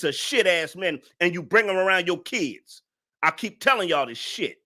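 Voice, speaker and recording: Fiery ranting man, bright lively voice. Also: sits high, normal speed. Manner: ranting, profane, repetitive. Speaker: commentary channel host. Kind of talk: angry reaction commentary.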